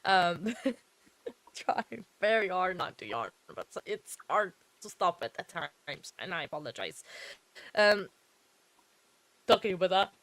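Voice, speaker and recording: This woman runs a late-night livestream watching a true-crime trial, chatting casually as she yawns, wanders off topic, and corrects herself amid lots of fillers. She sounds low-ish, very animated and fairly bright, speaking unhurriedly with frequent pauses.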